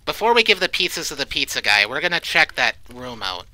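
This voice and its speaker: A man's voice: on the high side, big pitch swings, brisk, sharp tone. A man commentating a horror game, jumpy, swearing often and shrieking when startled. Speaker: let's play creator.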